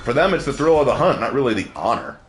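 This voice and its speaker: A man's voice: mid-range voice, big pitch swings, fast, slight background noise. A man chatting casually on a gaming livestream, loose and jokey as he reacts to viewers.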